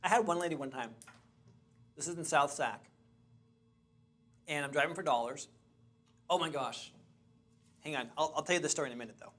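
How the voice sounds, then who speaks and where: A man in a training session, telling animated stories about finding property to a class. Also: a little high, brisk, pauses often. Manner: animated, chatty, restarts and laughs. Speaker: real estate investing trainer. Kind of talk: lively storytelling to a class.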